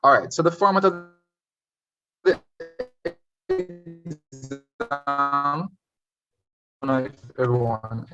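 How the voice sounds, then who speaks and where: A man's voice: medium pitch, huge pitch swings, slow pace, creaky, pauses often, highs cut off, over music. A man with a Jamaican accent tutoring an online Spanish revision class, switching between English and Spanish and quizzing his students.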